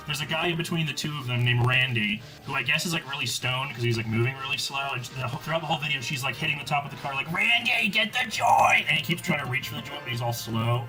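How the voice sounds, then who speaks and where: A man chats casually on a game stream, telling stories in a loose, rambling way full of fillers and restarts. His voice sits at an ordinary middle pitch. Music plays clearly behind him. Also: fast, rough recording. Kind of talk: casual chat.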